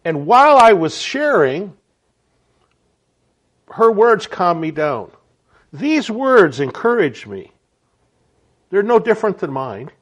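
A man's voice: sits high, big pitch swings, slow pace, long pauses, highs cut off. A man giving a reflective spoken sermon message in an earnest way, with frequent stammered restarts. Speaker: preacher.

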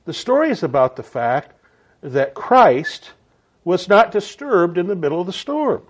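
A man's voice: high voice, very animated, unhurried, husky. A man giving a reflective spoken sermon message in an earnest way, with frequent stammered restarts. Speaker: preacher.

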